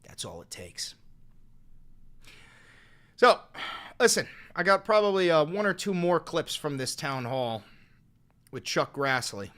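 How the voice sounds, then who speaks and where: Young male streamer, twenties, furious profane political rant, bright sharp tone, swings widely in pitch. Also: very animated, takes it slowly, pauses often. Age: 20s. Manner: profane, impassioned ranting. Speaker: live streamer. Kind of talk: angry political commentary livestream. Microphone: desk microphone.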